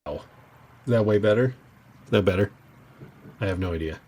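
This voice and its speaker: A man's voice: on the low side, brisk, darkish tone. A man casually thinking aloud as he tinkers with a machine, muttering and rambling to himself, recorded through a webcam microphone. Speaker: streamer tinkering with a VCR.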